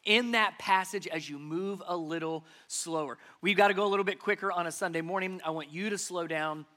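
A man's voice: high-pitched, a little fast, pushed and bright. A man preaching a sermon as pastor, speaking emphatically and repeating key phrases for stress.

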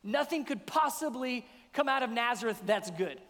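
A man's voice: extremely high pitch, animated, moderate pace, fairly bright tone, big-room sound. A man voicing Nathanael, a skeptical young man who asks incredulous, scoffing questions, in a sermon retelling.

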